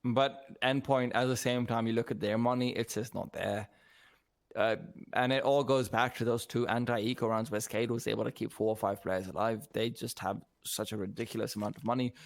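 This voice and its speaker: Playful, chatty male esports commentator. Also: mid-range voice. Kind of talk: live game commentary.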